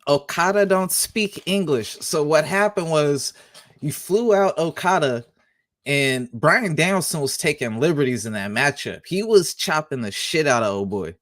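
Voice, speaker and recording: A man co-hosting a podcast, chatting casually and profanely about wrestling, animated and laughing often. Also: a little high, measured pace. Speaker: podcast co-host.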